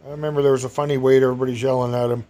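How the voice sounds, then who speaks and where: A man's voice: medium pitch, level tone, rapid-fire, warm tone. A man telling a rambling personal anecdote to an audience, chatty and meandering, breaking into exclamations and chuckles. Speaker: storyteller.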